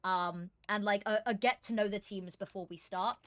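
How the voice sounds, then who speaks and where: A woman's voice: medium pitch, steady tone, normal speed, a bit bright, no room sound. Chatty self-deprecating woman streaming esports. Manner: chatty and self-deprecating, rambling with fillers and asides. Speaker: esports caster streaming a qualifier. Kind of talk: casual live-stream commentary.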